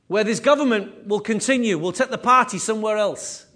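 A man preaching a sermon with emphatic, repetitive phrasing, his voice rising and falling in loudness. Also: high-pitched, a little fast. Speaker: pastor.

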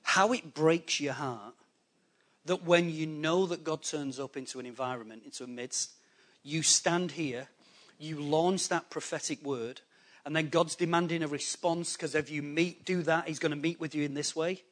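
High-voiced animated male preacher. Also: moderate pace. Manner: animated, acts out excuses in quoted voices, conversational asides. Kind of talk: sermon. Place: church hall before a congregation.

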